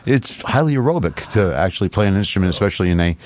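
A man's voice: sits low, quick pace. A man with a New York accent co-hosting a radio talk show in a studio on a headset, joking around. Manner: jokey, animated. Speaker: radio co-host. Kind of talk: casual radio chat.

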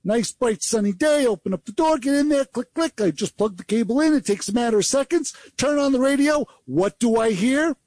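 High-voiced animated older man telling a story. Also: brisk, hardly any pauses, no echo. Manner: animated storyteller, makes sound effects. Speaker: radio show co-host. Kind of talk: casual radio chat.

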